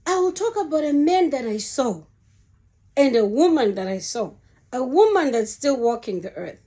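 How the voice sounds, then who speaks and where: A woman's voice: high voice, very animated, moderate pace, dark tone. A middle-aged woman giving an emotional, earnest Christian testimony in a sermon-like way, often repeating her words.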